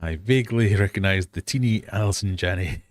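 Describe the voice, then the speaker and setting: Low-voiced British man hosting a quiz. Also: a little fast, dry recording. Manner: playful, jokey, laughs at himself. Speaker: live stream host. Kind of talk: casual quiz chat. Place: home fish room.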